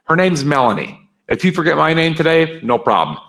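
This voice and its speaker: A man speaking to a live and virtual audience in a lively, animated voice whose pitch moves all over. He coaxes answers from the room, calls on people by name and echoes their replies back. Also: brisk. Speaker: speaker leading a workshop. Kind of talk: interactive seminar talk to a live and online audience.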